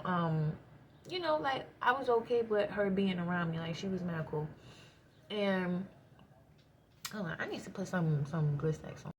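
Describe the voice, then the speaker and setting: Animated slangy woman telling a story. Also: lowish voice, a little hiss or hum. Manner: animated, slangy, swears, laughs a lot. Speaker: vlogger. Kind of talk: casual storytelling to camera.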